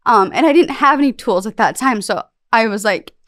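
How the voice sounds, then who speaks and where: A woman's voice: a little high, animated, fairly quick, fairly bright tone, no room sound, studio quality. A young woman talking candidly as a podcast guest, rambling and emotional, with plenty of fillers. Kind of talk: candid interview talk.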